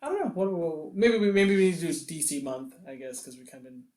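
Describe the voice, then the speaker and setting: A man's voice: a little high, animated, quick pace, a little mellow. A man hosting a casual comic-book podcast, making dry, wry jokes. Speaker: podcast host. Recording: roomy echo.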